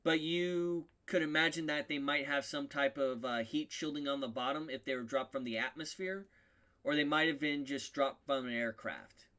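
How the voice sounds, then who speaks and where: A man's voice: a little high, normal speed, pushed and bright, clear, resonant tone. A man narrating a tabletop role-playing game as game master, rambling with many ums and correcting himself.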